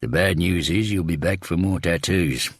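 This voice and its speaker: Man voicing a wry hard-living tattooist, unhurried banter, very deep voice, dry close sound. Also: no echo.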